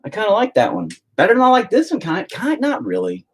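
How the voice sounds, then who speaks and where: A man's voice: high voice, huge pitch swings, fast. A man chatting casually while he paints, swearing a lot and mocking himself as he rambles. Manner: profane, self-deprecating rambling. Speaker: painting vlogger.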